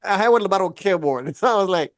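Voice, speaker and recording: High-voiced man telling a story. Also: fast talker, no room sound, studio quality. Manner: animated storyteller acting out quotes, laughing often. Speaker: podcast co-host. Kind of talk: casual chat, storytelling.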